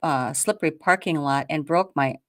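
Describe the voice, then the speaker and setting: A woman from the United States hosting a show, telling a story in a lively casual way, acting out quotes with many restarts. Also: low-pitched, normal speed, dry recording, clean studio sound. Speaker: host.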